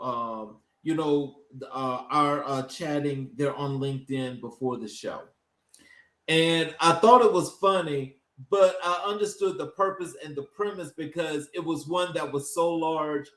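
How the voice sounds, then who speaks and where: High-voiced man speaking slowly, roomy sound. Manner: relaxed, meandering with fillers and frequent affirmations. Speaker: podcast host. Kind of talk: conversational interview.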